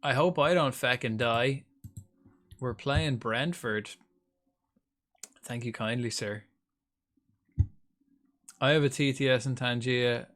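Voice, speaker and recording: During a live gaming stream, a man with a medium-pitched voice talks slowly, leaving long pauses. He chats loosely and rambles to his viewers, greeting chat by name.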